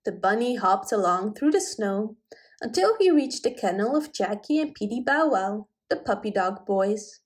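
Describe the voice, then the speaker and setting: A woman reading a children's animal story aloud in a gentle, measured way. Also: mid-range voice, expressive. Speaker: narrator.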